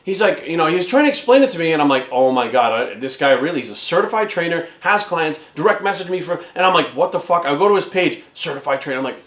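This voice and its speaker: A fitness trainer ranting angrily at the camera, swearing constantly and sounding exasperated. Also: male voice, high-pitched, animated, fast. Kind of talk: profane ranting vlog. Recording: echoey room.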